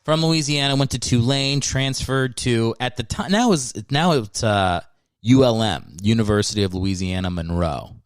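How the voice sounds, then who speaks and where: A man's voice: mid-range voice, lively intonation, normal speed, dry recording, studio quality. A man hosting a podcast, rambling in a casual, profane and self-mocking monologue. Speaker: podcast host.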